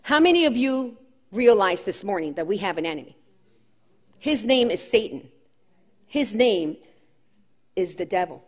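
A woman's voice: mid-range voice, lively intonation, measured pace, pauses often, a little mellow. A woman preaching a sermon with impassioned emphasis, repeating key phrases as her voice rises and falls.

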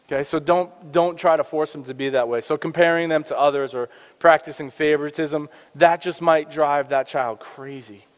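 A man's voice: a little high, steady tone, moderate pace. A man in his thirties, a father who works in youth ministry, giving an earnest, conversational faith-based parenting talk with frequent restarts. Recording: dull lo-fi sound with long reverb.

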